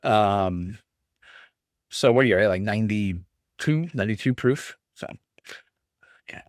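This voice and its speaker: A man's voice: fairly low pitch, slow pace, no echo, clean studio sound. A man hosting a podcast, talking casually and rambling with chuckles and fillers while tasting whiskey. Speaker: podcast host.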